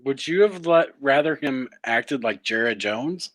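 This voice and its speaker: A man's voice: mid-range voice, lively intonation, unhurried, fairly bright tone. A man co-hosting a sports podcast who asks wry questions. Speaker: podcast co-host. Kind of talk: casual sports banter.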